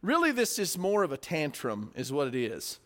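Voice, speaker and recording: A man's voice: on the high side, wildly swooping pitch, moderate pace, fairly bright tone. A man preaching a verse-by-verse sermon, explaining the text in a conversational way with asides and repeated words. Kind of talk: sermon, Bible study teaching.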